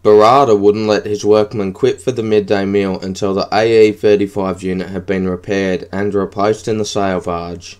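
A man narrating an audiobook in a steady, even reading. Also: lowish voice, normal speed, few pauses, clear, resonant tone.

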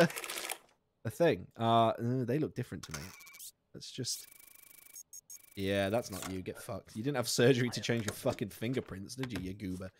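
A man giving live commentary on a game he is playing, jokey and sweary, laughing often, with sudden high squeaks of outrage. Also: normal speed, pauses often, a little hiss or hum. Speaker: streamer.

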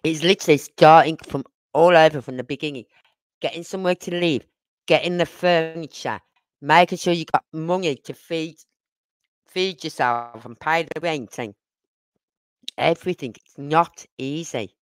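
Older brummie lady on a livestream, blunt and rambly, smooth clear voice. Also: low voice, normal speed, dry recording. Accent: Birmingham (Brummie). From Birmingham, England. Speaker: livestream host. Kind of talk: casual livestream chat.

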